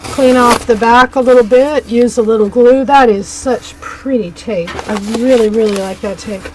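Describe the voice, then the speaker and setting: Chatty woman opening her mail, voice a bit high, easily delighted, faint hum of room noise. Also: darkish tone, poor audio. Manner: chatty and effusive, quick to gush. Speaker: craft vlogger. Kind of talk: casual chat while unboxing mail.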